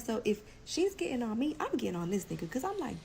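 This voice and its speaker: A woman's voice: on the high side, very animated, fairly quick, vocal fry, a little mellow, low-quality recording. A young woman speaking tells a story straight to camera in a casual, candid vlog. Her speech is loose and profane, packed with "like" fillers, with a faint hum of room ambience behind her. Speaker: vlogger telling a personal story.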